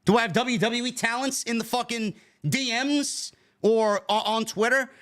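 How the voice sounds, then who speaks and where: A man's voice: very high-pitched, steady tone, moderate pace, fairly bright tone. A man co-hosting a wrestling podcast, indignantly ranting with profane rhetorical questions. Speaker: podcast co-host. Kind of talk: heated podcast rant.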